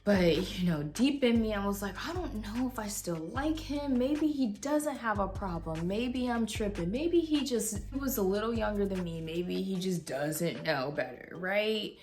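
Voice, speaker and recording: A young woman vlogger casually telling a story at home, animated and swearing freely as she acts out what people said. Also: mid-range voice, measured pace, hardly any pauses. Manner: animated, swears freely, voices others in quotes. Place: home room with a heater.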